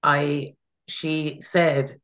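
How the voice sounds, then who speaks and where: A guest telling personal stories in casual conversation, chatty and animated, with frequent fillers. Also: mid-range voice, extremely slow, low-quality recording. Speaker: interview guest, Pride chairperson.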